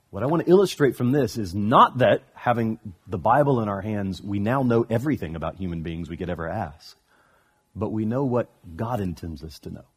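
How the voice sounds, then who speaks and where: Husky pastor preaching with humor. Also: male voice, lowish voice. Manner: animated storytelling with humor. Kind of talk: sermon.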